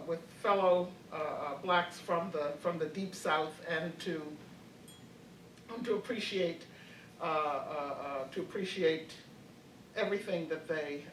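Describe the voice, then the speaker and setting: A woman's voice: on the low side, fairly bright tone, reverberant, recorded from a distance, slight background noise, poor audio. An older woman in her eighties, reflecting on her college years as a panelist, hesitant with many fillers and restarts and frequent laughs. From Baltimore. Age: 80s. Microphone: video call.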